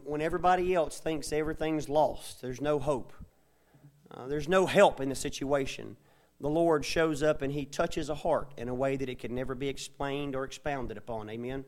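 A man preaching a sermon, often tagging his points with a questioning "amen?" and building from quiet asides to loud, emphatic stretches. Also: fairly high pitch. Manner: tags phrases with a questioning "amen?". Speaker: pastor.

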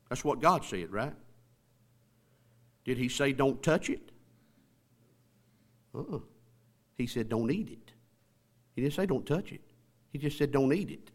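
A man preaching a sermon, asking the congregation rhetorical questions, reading scripture aloud and building up to loud, emphatic passages. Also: mid-range voice, expressive, measured pace, long pauses. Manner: reads scripture aloud in King James wording.

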